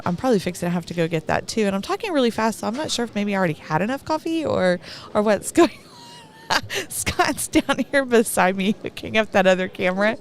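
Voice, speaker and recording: Middle-aged texan lady chatting away on a live event stream, rambly and talkative, laughs a lot. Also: mid-range voice.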